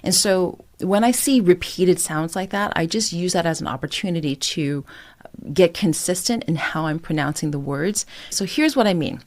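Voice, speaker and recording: A woman's voice: fairly low pitch, moderate pace, darkish tone. A woman vocal coach teaching a singing lesson, explaining technique and breaking into short sung examples with an encouraging manner. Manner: encouraging, demonstrates phrases by singing them.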